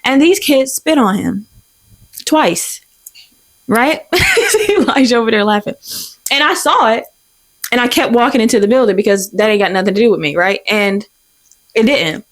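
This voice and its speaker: A young woman in her twenties hosting a podcast, telling a story in a profane, exasperated, animated way. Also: a little high, moderate pace, long pauses. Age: 20s. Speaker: podcast host. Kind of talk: casual storytelling rant.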